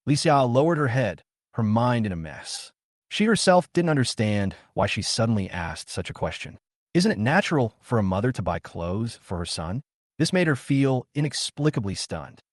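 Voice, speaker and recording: A man narrating a dramatic story recap in an expressive way. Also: medium pitch, normal speed, no room sound, clean studio sound.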